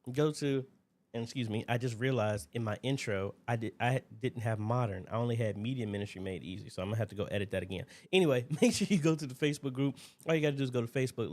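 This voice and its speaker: This livestream host has a mid-range, slightly mellow voice. He sits at his desk running a relaxed Q&A through a computer desk mic, chatting and rambling and calling out viewers by name.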